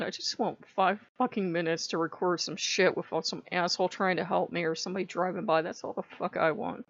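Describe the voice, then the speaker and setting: A woman's voice: fairly low pitch, fairly even intonation, fairly quick, gravelly, hardly any pauses. Blunt, swearing woman vlogger, dull lo-fi sound. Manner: blunt, swears freely, laughs often. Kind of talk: casual vlog chat. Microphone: built-in camera mic.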